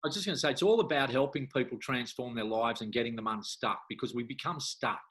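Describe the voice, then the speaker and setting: A hypnotherapist guest in a conversational interview, this man is a bright-voiced, animated storyteller who acts out voices with big pitch jumps.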